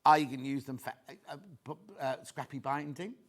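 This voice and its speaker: A man presenting on a TV shopping channel, chatting excitedly and tossing quick asides to viewers and crew. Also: mid-range voice. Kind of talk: live TV selling chat.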